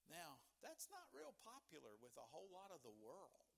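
A man preaching a sermon as pastor, emphatic and building to loud bursts, with frequent restarts. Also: on the high side, huge pitch swings, moderate pace, gravelly, breathy edge.

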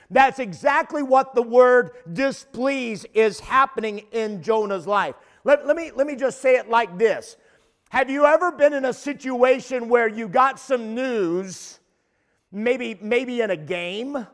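High-voiced man preaching emphatically. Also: lively intonation, normal speed. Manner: emphatic preaching with frequent repeated restarts. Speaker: pastor. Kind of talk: sermon.

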